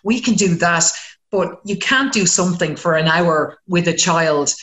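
A woman's voice: on the low side, measured pace, echoey room. A woman, a community counsellor talking frankly in casual chat and swearing when she gets worked up. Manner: frank and animated, swears freely.

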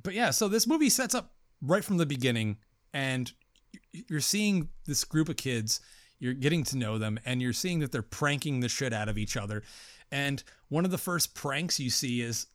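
A man's voice: medium pitch, normal speed, no room sound, clean studio sound. A man co-hosting a casual horror movie podcast, rambling and swearing as he talks. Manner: profane, rambling, animated. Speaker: podcast co-host. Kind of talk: casual film discussion.

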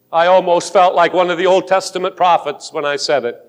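A pastor making an urgent, pleading altar call during a sermon in a large church sanctuary. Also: male voice, sits high, steady tone, brisk. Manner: pleading and urgent, rising to fervent force. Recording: long hall reverb of a church.

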